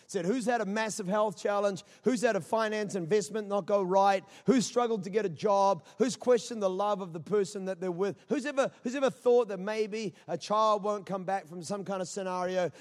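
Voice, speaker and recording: A man's voice: high voice, a little mellow. A man preaching a sermon as pastor, impassioned and full of rhetorical questions, repeating phrases for emphasis. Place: auditorium. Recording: long reverb of a large auditorium.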